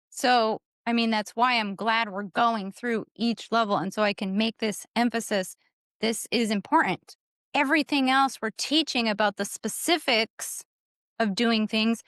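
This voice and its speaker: Woman, parenting co-host, earnest teacher, slightly high pitch, dry studio. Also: moderate pace, fairly bright tone, dry recording. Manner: earnest, emphatic, repeats key points. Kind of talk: casual teaching talk.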